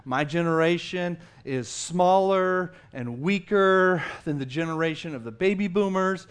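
A man in his forties from South Texas, preaching a sermon in an animated, conversational way with self-mocking humor. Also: high-pitched, measured pace, clear, resonant tone. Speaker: pastor.

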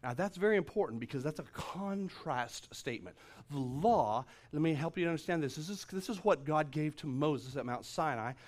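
A middle-aged male pastor with a notably high voice delivers a sermon. He talks emphatically, doubling back on phrases and working himself up with excitement. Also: normal speed.

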